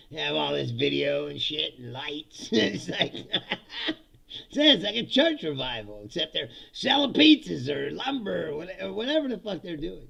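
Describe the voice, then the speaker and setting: With a creaky voice on the high side, this American host of a comedic political talk show rants in a casual way. He swears, laughs frequently between lines, and impersonates the voices of others.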